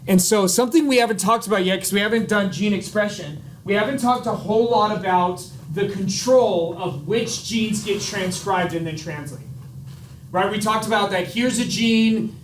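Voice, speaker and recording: A man's voice: high voice, normal speed, slight background noise. A man giving a classroom biology lecture in a chatty, casual way, with jokey asides and frequent checks of "right?".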